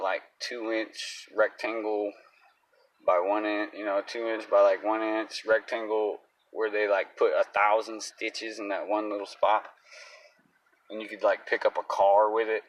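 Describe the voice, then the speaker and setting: A man's voice: fairly low pitch, fairly even intonation, a little slow, recorded from a distance, poor audio. A man in a casual, agitated rant, talking bluntly and swearing often. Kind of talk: casual profane rant to camera.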